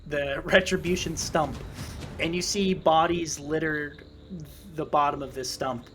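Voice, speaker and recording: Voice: mid-range voice, fairly even intonation, a little slow, fairly bright tone, a little hiss or hum. A game master narrating a tabletop fantasy game in a casual, rambling way.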